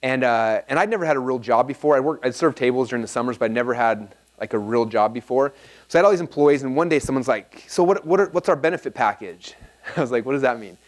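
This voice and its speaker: A man's voice: medium pitch, fast talker. A man in his thirties speaking to a live audience at a business seminar, telling stories animatedly and acting out the dialogue. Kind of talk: storytelling seminar talk. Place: event hall with a live audience.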